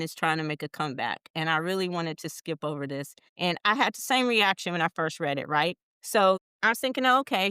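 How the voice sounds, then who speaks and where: A woman co-host with a low voice and a very clean, smooth tone runs through the news with wry, deadpan asides. Her voice is recorded close and dry, with no room sound. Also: no echo. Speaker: podcast co-host. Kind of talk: casual chat, news roundup.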